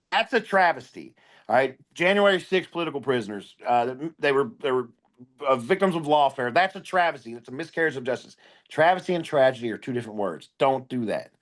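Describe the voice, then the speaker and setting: A man's voice: mid-range voice, lively intonation, a little fast. A man guest, a comedian, telling candid stories in an interview with a blunt, profane, emphatic way of talking.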